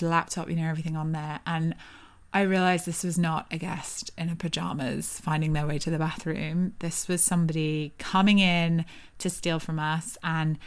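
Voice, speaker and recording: A young woman vividly retelling a personal story to her viewers, with breathless restarts. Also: low-pitched.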